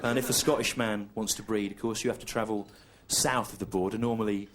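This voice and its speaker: A man from England performing a live stand-up routine, deadpan and ironic, with halting self-corrections. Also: lowish voice, crowd noise. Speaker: stand-up comedian. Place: live comedy venue. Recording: noisy live stand-up recording.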